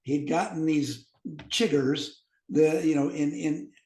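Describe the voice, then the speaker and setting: A man's voice: a little high, slow pace. A man in his fifties, a physician guest on a podcast, telling medical anecdotes and acting out the dialogue. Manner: animated anecdotes, acts out quoted dialogue. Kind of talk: storytelling in a podcast interview. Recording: echoey room.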